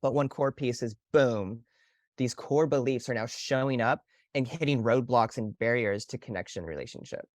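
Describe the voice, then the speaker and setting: A man's voice: medium pitch, normal speed, darkish tone, dry recording. Thoughtful man podcast host, dry sound. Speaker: podcast co-host, relationship therapist. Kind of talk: casual explanatory conversation.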